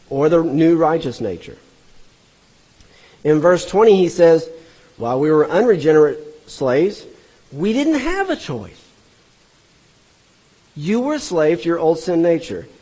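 Husky man teaching a Bible passage. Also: a little high, darkish tone, low-quality recording. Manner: earnest, explanatory, stops to correct himself.

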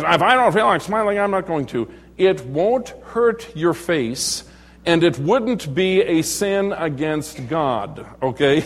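A middle-aged man with a high-pitched voice preaches an evening lesson in a church. He is jovial and teasing and chuckles as he talks. His voice rings out with a long, reverberant hall echo. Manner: jovial and joking, chuckles often, teases the congregation. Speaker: pastor.

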